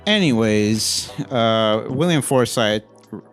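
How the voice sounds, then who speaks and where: A man giving a casual, rambling, profane movie review, getting animated as he rants. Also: lowish voice, slow pace, faint music behind.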